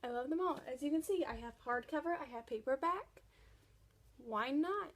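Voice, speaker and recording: A woman's voice: high voice, expressive, moderate pace, a little hiss or hum. A young woman vlogging casually about a book series she loves, gushing with enthusiasm. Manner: gushing, enthusiastic fan talk. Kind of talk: casual chat.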